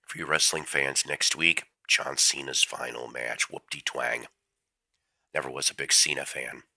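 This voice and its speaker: Very deep, forceful man with a cold. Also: fairly even intonation, measured pace, creaky, no room sound. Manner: rambling storyteller, jokey asides. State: fighting a cold. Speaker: livestream host. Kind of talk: casual rambling chat. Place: home room with his cat.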